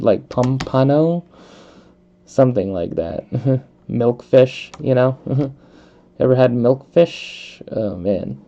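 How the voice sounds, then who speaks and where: A young American man with a medium-pitched, dark voice hosts a let's play, chatting casually as he games. He rambles, uses lots of fillers, and laughs often. The dull lo-fi microphone gives the audio a muffled quality.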